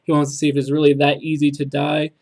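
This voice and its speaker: A man's voice: a little high, monotone, fast, darkish tone. A young man hosting a reaction video, talking through song lyrics in an earnest, reflective way with many ums. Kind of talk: casual spoken commentary on song lyrics.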